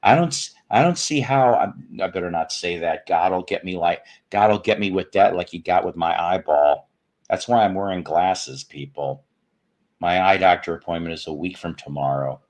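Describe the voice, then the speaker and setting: A man's voice: low voice, normal speed. A man in his fifties hosting a casual live stream from home, greeting chat viewers and cracking puns and profane jokes. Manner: joking, punning, profane asides. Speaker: host of a live music stream.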